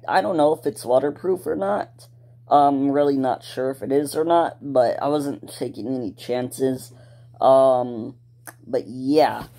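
Slow, rambling laid-back YouTuber guy. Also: medium pitch, mellow. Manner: rambling, full of ums and restarts. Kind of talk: casual talk to camera.

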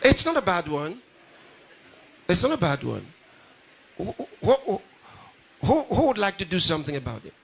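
A man's voice: high voice, wildly swooping pitch, moderate pace, creaky, pauses often, a little hiss or hum. A pastor addressing a live audience at a ceremony, repeating his phrases and putting questions straight to the crowd. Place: large ceremony hall.

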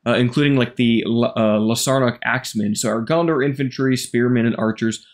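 Relaxed man narrating his gameplay. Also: medium pitch, brisk. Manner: relaxed, rambling, thinking aloud with fillers. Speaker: gaming YouTuber. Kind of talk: casual gameplay commentary.

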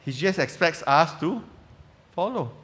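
Male pastor, chatty preaching with many questions to the room, slightly high voice, echoing sanctuary. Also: lively intonation, measured pace, a bit bright. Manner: conversational preaching with fillers and rhetorical questions. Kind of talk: sermon. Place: church sanctuary. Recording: long reverb of a church hall.

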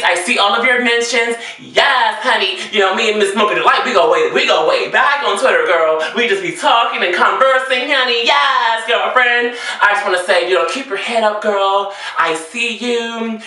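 A man's voice: high-pitched, pushed and bright. A man vlogging about fashion and customer service in a dramatic, flamboyant rant, calling viewers girl and honey. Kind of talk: sassy ranting monologue to viewers. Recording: echoey room, distant from mic.

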